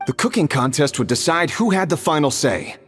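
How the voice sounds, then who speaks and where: An actor playing a calm young man explaining a legend, husky, in game audio with reverb. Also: fairly high pitch, a little fast, faint music behind.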